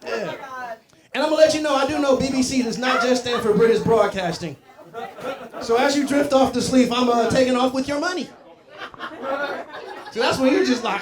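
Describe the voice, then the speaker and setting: Stand-up comic from Columbus, Ohio, very high voice, rambling and profane with the crowd, echoey club mic with laughter. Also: male voice, moderate pace, long pauses. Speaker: stand-up comedian. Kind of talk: stand-up comedy set. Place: comedy club stage.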